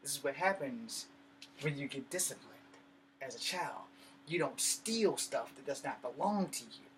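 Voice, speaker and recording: A man rants through a personal story in a blunt, cussing, heated way. His voice sits at an ordinary middle pitch. He is picked up from some distance off the mic, with a faint hum of ambience underneath. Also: lively intonation, normal speed, a bit bright. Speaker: vlogger. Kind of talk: casual storytelling rant.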